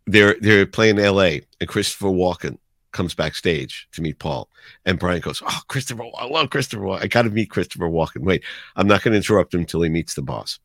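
A man's voice: deep voice, brisk, no echo, studio quality. A man in his sixties with a New York accent, telling stories in a casual chat and acting out the people he quotes. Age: 60s. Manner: animated storyteller, acts out quotes. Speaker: radio DJ guest. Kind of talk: casual storytelling.

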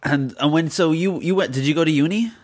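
A man hosting a casual chat, playful and quick with joking asides. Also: on the high side. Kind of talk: casual conversation.

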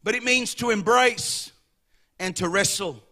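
A man preaching a sermon as pastor, impassioned, swelling to shouts and dropping low, and calling the congregation to answer back. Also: a little slow. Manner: calls for congregation responses.

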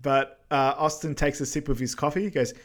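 Relaxed man retelling a film scene. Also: a little high, fairly quick. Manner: relaxed storytelling with many "um"s, laughs at jokes. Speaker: podcast co-host. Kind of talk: casual movie recap chat.

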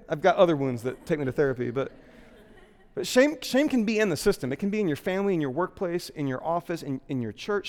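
A man preaching a sermon in an earnest, conversational way, sometimes dropping to a hush for emphasis. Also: on the high side, big-room sound. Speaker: pastor.

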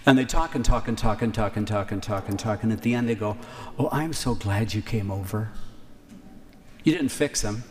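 A man's voice: fairly low pitch, slight background noise. Man preaching a sermon in a reverberant hall. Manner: conversational, repeats key lines slowly for emphasis. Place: church. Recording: reverberant church hall, faint ambience.

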